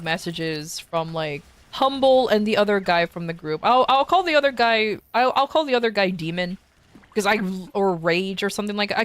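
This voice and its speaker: A woman streamer casually telling a long personal story, rambling with frequent restarts and voicing the people she quotes. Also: medium pitch. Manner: animated when quoting others.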